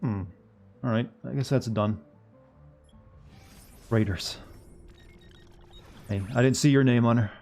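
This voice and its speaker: A man's voice: medium pitch, slow, vocal fry, long pauses, darkish tone, soft background music. A man streaming a video game, chatting casually and joking with his chat as he plays. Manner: rambling, joking asides to chat. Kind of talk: casual gameplay commentary.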